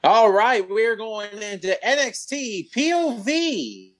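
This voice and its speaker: Slightly high-voiced guy, halting and friendly, running a wrestling segment. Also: very animated. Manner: hesitant, good-humored, stumbles over names. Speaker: podcast co-host. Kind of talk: casual wrestling chat.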